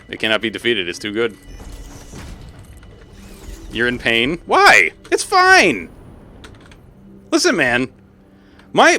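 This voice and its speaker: Animated swearing male game streamer. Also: mid-range voice. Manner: animated, swearing, exasperated outbursts. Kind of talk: live gameplay commentary.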